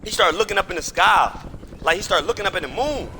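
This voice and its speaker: High-voiced man telling an emphatic story. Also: lively intonation, fast, vocal fry, bright, forceful tone, slight background noise. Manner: emphatic, repetitive, swears oaths. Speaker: streamer. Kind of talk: casual storytelling while gaming.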